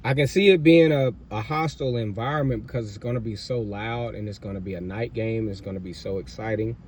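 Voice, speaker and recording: A man's voice: fairly low pitch, fairly quick, a little mellow, a little hiss or hum. A man hosting a sports podcast, talking in a casual, emphatic way and repeating his points. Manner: emphatic, repetitive fan hype with rising outbursts. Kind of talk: casual sports commentary monologue.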